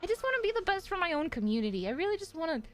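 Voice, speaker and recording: A woman's voice: very high voice, big pitch swings, racing. A woman in her twenties, a streamer, talking in casual live-stream chat in an earnest, confiding way with many fillers.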